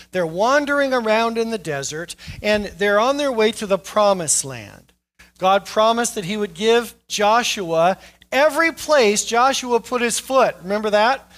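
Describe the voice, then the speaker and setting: High-voiced pastor preaching conversationally. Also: male voice, a bit bright. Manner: conversational preaching, rising emphasis on key points. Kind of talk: sermon. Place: church sanctuary.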